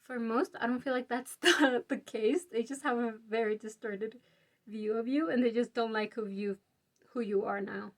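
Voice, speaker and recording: A young woman giving a casual tarot reading to her viewers, chatty and informal with many fillers. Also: on the high side. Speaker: tarot reader.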